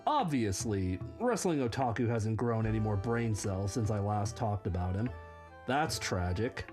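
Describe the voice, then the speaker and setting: A woman delivering comedic commentary as the host of a reaction video, her tone sarcastic and mocking. Her pitch swings widely as she exaggerates, and faint music sits under her voice. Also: animated, measured pace.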